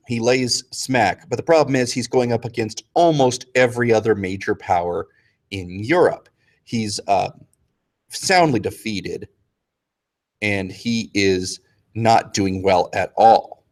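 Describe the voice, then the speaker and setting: Speaking at a fairly low pitch, a man teaches a relaxed history review, trading jokes with the class. For historical figures he puts on rapid, slang-filled voices.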